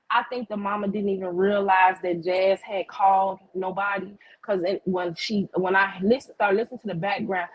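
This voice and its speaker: A woman's voice: medium pitch, breathy edge, rough recording. A woman host telling a heated, profane story to her viewers in casual chat. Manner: heated, profane, animated retelling with quoted voices. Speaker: streamer host.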